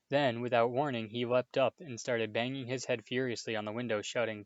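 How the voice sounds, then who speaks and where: A man reading a storybook aloud as narrator, in a steady, plain voice. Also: medium pitch, brisk, hardly any pauses, no echo. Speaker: audiobook reader. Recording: dull, dry home recording.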